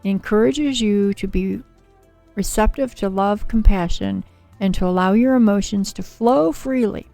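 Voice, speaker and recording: A woman's voice: medium pitch, normal speed, dark tone, faint music behind. A woman hosting a casual tarot livestream, talking with viewers in a soothing, chatty way, her voice a little scratchy from a cold. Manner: soothing, chatty, reads viewer names and card meanings. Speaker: tarot reader and livestream host.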